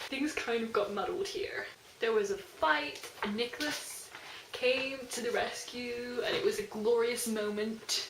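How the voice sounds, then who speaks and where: Young female book vlogger, excitable and chatty, fairly high voice; echoey room with a little background noise. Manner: gushing, fast and animated, heavy use of "like". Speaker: book reviewer. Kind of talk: casual book review chat.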